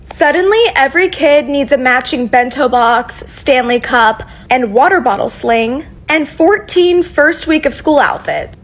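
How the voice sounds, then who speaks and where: A woman delivering sarcastic, punchy commentary for a social media video. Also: high-pitched.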